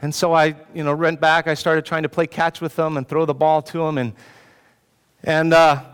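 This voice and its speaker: A pastor preaches to his congregation, telling a story with self-mocking humor and joking with the listeners. His man's voice is smooth and resonant and sits a little high. The sound rings with the long reverb of a large hall. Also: flat delivery, normal speed. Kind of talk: sermon with personal story. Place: church hall with an audience.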